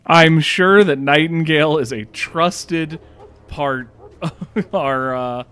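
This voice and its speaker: A man's voice: on the high side, takes it slowly, bright, forceful tone, clear, resonant tone. A young man casually commenting while he plays a game, reacting aloud, with the hiccups. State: has the hiccups. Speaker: gaming channel host. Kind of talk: casual let's-play commentary. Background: game music.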